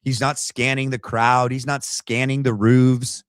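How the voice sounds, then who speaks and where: A man's voice: medium pitch, little pitch movement, a little slow, smooth, no room sound. A man hosting a livestream from his computer, talking through his opinions in a loose, conversational way and reacting to viewer chat. His voice sits in a middling register and comes across close and dry, with no room sound around it. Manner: opinionated and conversational, thinks aloud. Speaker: podcast host.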